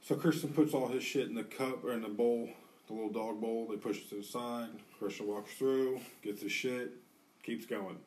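A man at a middle pitch tells a rowdy story on a podcast, swearing freely and acting out what his friends said. He sits a little back from the microphone, so his voice sounds slightly distant. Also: moderate pace. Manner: animated, profane, acts out quotes. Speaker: podcast co-host. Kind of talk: casual storytelling.

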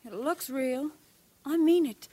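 An actress playing a worried, insistent young wife in a vintage radio play, speaking in an anxious, pleading way. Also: female voice, high-pitched, slow pace, dark tone. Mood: uneasy. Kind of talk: 1940s radio acting.

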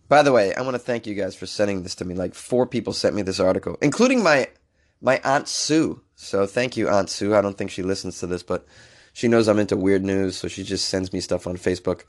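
A man with a hoarse, sick-sounding voice hosts a comedic weird-news podcast. He riffs sarcastically on the stories, sounds exasperated, and breaks into disbelief. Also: on the low side. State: hoarse from illness. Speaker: podcast host.

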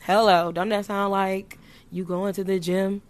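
Woman vlogging to camera, blunt n playful, lots of slang n swearing, gets loud then soft. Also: mid-range voice, measured pace. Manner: animated, sudden jumps in loudness. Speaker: vlogger giving sex advice. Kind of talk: casual chat to camera.

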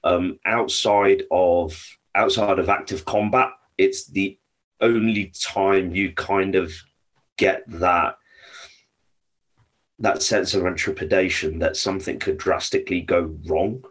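Appearing as a guest on a podcast, this Englishman from the UK spins lively hunting anecdotes in a casual, storytelling way, cursing freely as he goes. He speaks slowly, his voice sitting low.

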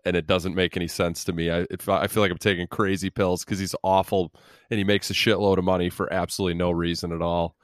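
A man's voice: sits low, flat delivery, quick pace, dry recording, clean studio sound. A man co-hosting a podcast in casual chat, crude and teasing. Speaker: podcast co-host.

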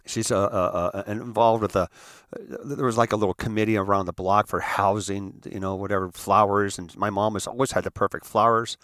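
A man from the San Francisco area telling a personal story in an earnest, halting way, often restarting and repeating words. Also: fairly low pitch, steady tone, fairly bright tone, no room sound, clean studio sound. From San Francisco area, United States. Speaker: speaker telling his life story.

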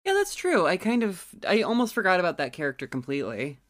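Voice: medium pitch, wildly swooping pitch, fast talker. Enthusiastic, profane podcast co-host. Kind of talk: casual chat.

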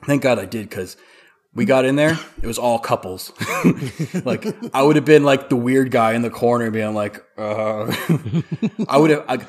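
A man's voice: medium pitch, moderate pace. A man who is a podcast guest, chatting casually and telling rambling stories full of "like.". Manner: rambling storyteller, heavy use of "like". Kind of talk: casual chat.

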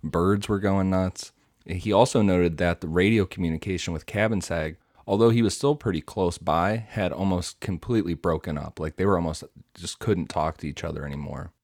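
A man's voice: sits low, moderate pace, darkish tone, no echo, studio quality. A man hosting a podcast, retelling a story from notes with casual asides and fillers. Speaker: podcast host telling the story.

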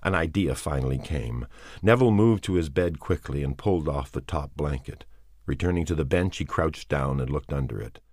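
Male audiobook narrator, extremely deep voice, measured and expressive, dry close sound. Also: no echo. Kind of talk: dramatic audiobook reading.

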